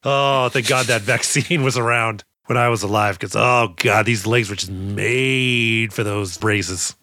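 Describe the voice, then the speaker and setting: A man co-hosting a movie podcast, talking fast and swearing, excitable and full of mock impressions. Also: fairly low pitch, dry recording, studio quality. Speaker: podcast co-host.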